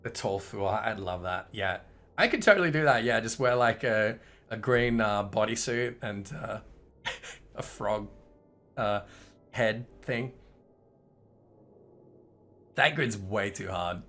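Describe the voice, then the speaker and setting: A man chats casually while he plays, tossing out jokes and rambling with lots of fillers. His voice has a gravelly edge and a bright, forward tone, with faint music underneath. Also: fairly low pitch, slow, long pauses. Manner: chatty, jokey, rambling with fillers. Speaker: gaming streamer. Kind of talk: casual let's-play commentary.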